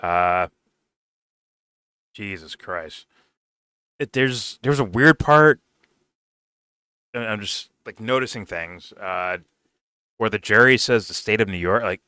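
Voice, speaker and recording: A young man talks through a film review in a loose, rambling way, swearing and laughing between thoughts. His voice sits a little low but comes out bright and crisp. The sound is dry and close, with no room around it. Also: a little slow, pauses often, no room sound. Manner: rambling, profane, laughs often, lots of fillers. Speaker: movie reviewer. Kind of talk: casual spoken film review.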